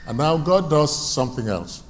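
A man's voice: a little high, very animated, normal speed. A man preaching a sermon in a church hall. He asks the congregation questions and repeats his key phrases. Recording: long reverb from a hall, faint ambience.

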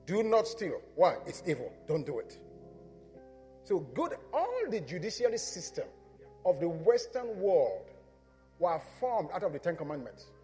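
A man's voice: high-pitched, sing-song, measured pace. A pastor preaching a sermon in a church. He speaks emphatically and keeps putting questions to the congregation, then answers them himself. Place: church sanctuary. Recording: reverberant church hall with soft instrumental music.

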